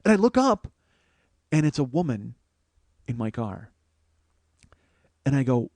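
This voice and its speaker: A man hosting a podcast, telling a comic story full of swearing, growing louder and more animated as it goes. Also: mid-range voice, measured pace, pauses often, dry recording. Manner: profane, animated, rising to shouting as the story builds. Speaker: podcast host.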